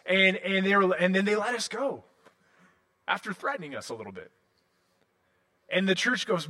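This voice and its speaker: A man in his thirties preaching a sermon in a casual, animated storytelling way, full of "like" and restarts. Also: sits high, moderate pace, long pauses. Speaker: pastor.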